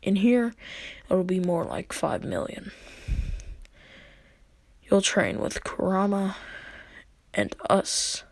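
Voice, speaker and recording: Two ancient warrior spirits speak in a hushed, teasing tone, put on by a woman telling a story. The speech is slow and drawn out, with a gravelly edge to the voice. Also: medium pitch, animated, no room sound, full character voice. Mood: solemn.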